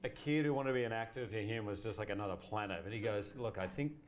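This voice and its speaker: A man's voice: on the low side, fast talker, slight background noise. A man with an Australian accent, an actor as interview guest, telling stories with laughter and acting out the people he quotes. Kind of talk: animated anecdote telling.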